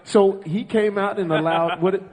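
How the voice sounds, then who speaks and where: A man's voice: high voice, fairly even intonation, normal speed. A man hosting a live talk show, talking earnestly and rambling with many filler uhs. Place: ballroom stage before a live audience. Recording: echoey ballroom, long reverb.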